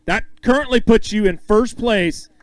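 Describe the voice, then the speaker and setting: A man emceeing a bass-fishing weigh-in on an outdoor stage, upbeat and joking with the anglers as he calls out names and weights. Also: moderate pace, no room sound, poor audio. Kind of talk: live emcee announcing with banter.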